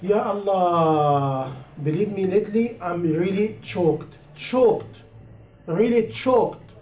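Man preaching, high voice, impassioned, repeats for emphasis, dull lo-fi recording. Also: takes it slowly, mellow, slight background noise. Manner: impassioned, repetitive, rising and falling emphasis. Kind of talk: sermon. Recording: echoey room, dull lo-fi sound.

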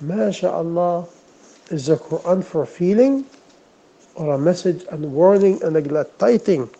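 Mellow-voiced male preacher, pleading sermon. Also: on the high side, expressive, moderate pace, muffled recording. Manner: repetitive, pleading, self-reproaching. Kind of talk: emotional sermon.

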